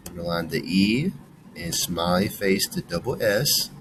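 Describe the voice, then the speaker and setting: A man teaches young readers, sounding out each letter slowly with an animated, bouncing delivery. His voice sits a little low, with a faint hum of room noise behind him. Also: rough recording. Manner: slow, sounding out letters and praising. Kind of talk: phonics lesson for children.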